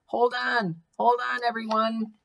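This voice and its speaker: A woman's voice: on the low side, big pitch swings, fairly quick, breathy edge, recorded from a distance, low-quality recording. A woman reading aloud and voicing a timid, earnest older woman who speaks mildly and formally.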